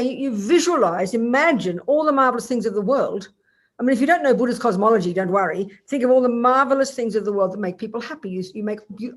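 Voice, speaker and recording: A woman teaching Buddhism in a relaxed, chatty way, often asking her listeners rhetorical questions. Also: on the high side. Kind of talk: informal dharma teaching.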